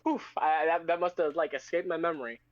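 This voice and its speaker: Brief: young male co-host, fairly high voice, halting restarts, dull lo-fi recording. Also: fairly even intonation, no room sound. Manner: stammering, restarting sentences. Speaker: podcast co-host. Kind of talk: casual chat.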